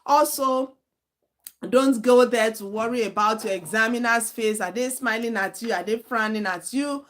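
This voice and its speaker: A woman's voice: on the high side, lively intonation, moderate pace, a bit bright. A woman, teaching an IELTS speaking lesson live online in a direct, earnest way, repeating her points for emphasis. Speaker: IELTS tutor.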